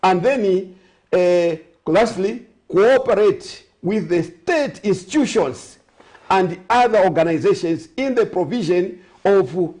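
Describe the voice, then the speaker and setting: High-voiced Zambian man, rambling aside-filled talk. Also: expressive, takes it slowly, darkish tone. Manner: rambling, self-correcting, sarcastic asides. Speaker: guest. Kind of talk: studio talk show discussion.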